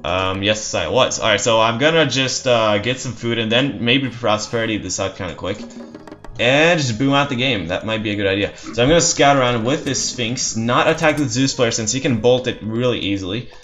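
A man commentates on his own strategy game as he plays, speaking a little fast in a mid-range voice with a fairly bright tone. The talk is casual and rambling, laced with dry sarcasm at his own expense. Faint music plays behind a dull lo-fi recording.

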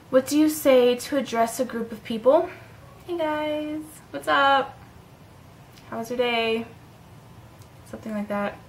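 A woman's voice: fairly high pitch, gravelly, a bit bright, a little hiss or hum, poor audio. A young woman from Nevada with a Pacific Southwest American accent, a university student casually reading a word list and answering questions, chatty and correcting herself as she goes. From Nevada, USA. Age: young adult.

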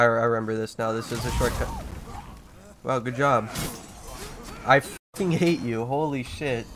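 A man giving casual let's-play commentary, excitable and profane, trash-talking the game as he plays. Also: medium pitch, noisy background. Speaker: gaming YouTuber.

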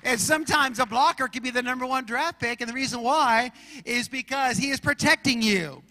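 A man from Arizona preaching a sermon as pastor, telling stories in an animated way and acting out shouts and roars. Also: very high voice, a little fast, big-room sound. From Arizona, USA.

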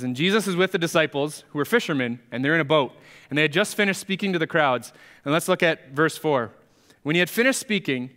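Conversational pastor in an echoey hall. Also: male voice, on the high side, bright, forceful tone. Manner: conversational storytelling. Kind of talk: sermon. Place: church sanctuary.

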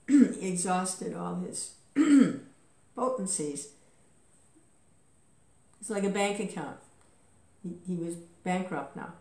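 A woman's voice: mid-range voice, darkish tone. A woman reading an epic story aloud with occasional casual asides and filler words. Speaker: reader. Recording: roomy echo.

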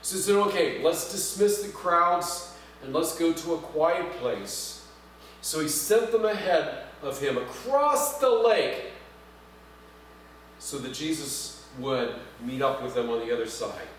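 High-voiced man preaching in echoey church. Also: lively intonation, unhurried, a bit bright. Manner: conversational, asks the congregation questions, light jokes. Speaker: pastor. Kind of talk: sermon. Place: church sanctuary. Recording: echoey church from far off, faint hum.

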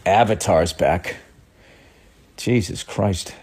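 A man's voice: deep voice, takes it slowly, darkish tone, faint music behind. A man talking on a podcast, ranting with exasperation and profanity, voice swinging up and down. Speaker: comedian. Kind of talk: podcast rant.

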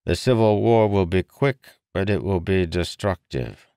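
A man's voice: deep voice, a little slow, no room sound, studio quality, voice pushed up, exaggerated voice. A man voicing a sly, amused king. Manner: smooth, needling, calmly persuasive. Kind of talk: audiobook character voice.

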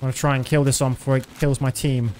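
A man's voice: mid-range voice, flat delivery, fast talker, darkish tone, slight background noise. Man chatting through a shooter game. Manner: chatty, self-mocking running commentary. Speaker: streamer. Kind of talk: casual gameplay commentary.

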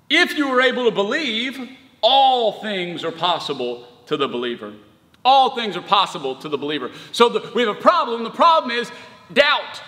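A man in his thirties, a pastor preaching a sermon, telling stories in an animated, conversational way with emphatic surges. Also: sits high, a little fast, big-room sound. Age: 30s.

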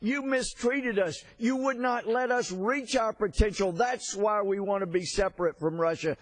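Man voicing a proud, defiant young singer, high and insistent. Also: animated, slow, creaky, dry recording, full character voice. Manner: yelling, impassioned.

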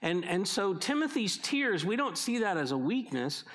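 A middle-aged man is preaching a sermon, and his voice sits a little higher than most men's. He talks to the congregation in a conversational way, often doubling back and restarting his sentences. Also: big pitch swings, normal speed, fairly bright tone. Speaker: pastor.

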